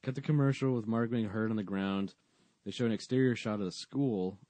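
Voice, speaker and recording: A low-pitched man with a dark, mellow tone talks casually on a podcast, retelling a TV episode with dry, mocking sarcasm. The sound is close and dry, with no room around it. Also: a little fast, no echo. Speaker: podcast co-host. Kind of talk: casual chat recapping a sitcom episode.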